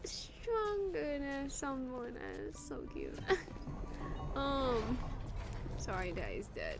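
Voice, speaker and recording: High-voiced, excitable woman gamer. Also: takes it slowly, music in the background. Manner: excitable, swears often, yelps and laughs. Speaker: gaming streamer. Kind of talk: let's play commentary.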